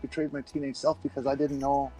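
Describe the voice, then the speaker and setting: A man's voice: mid-range voice, level tone, fast, loud music behind the voice, poor audio. A man in casual group chat on a call, musing aloud and swearing casually. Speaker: podcast guest.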